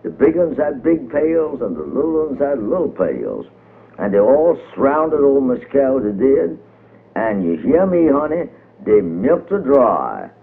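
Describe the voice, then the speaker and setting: A man's voice: mid-range voice, big pitch swings, measured pace. A man with a reading a folk tale in a colorful, rhythmic storytelling manner. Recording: tinny old radio recording.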